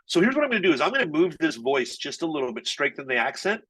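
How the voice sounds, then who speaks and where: Man for a live tech demo, slightly high pitch, energetic and chatty. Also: breathy edge, low-quality recording. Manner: energetic, chatty, quick shifts in pace. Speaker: marketing presenter.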